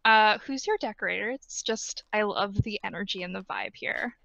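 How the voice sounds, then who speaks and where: A woman's voice: mid-range voice, moderate pace, gravelly, bright, forceful tone, dry recording. A woman playing at a tabletop game, speaking in a breezy, gushing way. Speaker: player. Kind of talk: in-character play at a tabletop game. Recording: dull, lo-fi audio.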